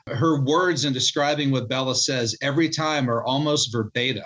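A man, a co-author on the show as a guest, talks through his sources in an earnest way. His voice sits at an ordinary middle pitch, and he often restarts and repeats words as he goes. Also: normal speed, a bit bright, low-quality recording. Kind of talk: interview storytelling.

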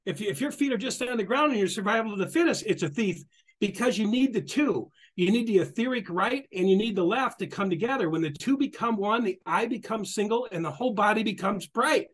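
Middle-aged guy with a pretty high voice, animated spiritual talk, repeats himself a lot, acts out quotes. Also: a little fast, breathy edge. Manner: animated, repetitive, acts out quotes, laughs often. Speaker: spiritual guest speaker.

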